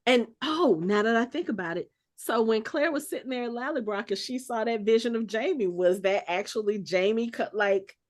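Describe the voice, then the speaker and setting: A woman's voice: on the high side, moderate pace, hardly any pauses. A woman hosting a podcast in casual chat, rambling and laughing often as she recaps a TV episode. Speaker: podcast host.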